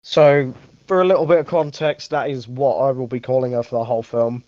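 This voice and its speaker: A young man hosts a podcast, chatting loosely through a film review, often correcting himself and swearing now and then. His mid-range voice is mellow and steady and fairly quick, and the lo-fi recording is dull, very dry and close, with no room sound.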